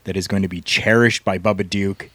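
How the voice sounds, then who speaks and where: A middle-aged man, a former pro wrestler, co-hosting a podcast and telling stories in an earnest, deliberate way. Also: low voice, fairly even intonation, a bit bright, no room sound. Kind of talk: storytelling podcast talk.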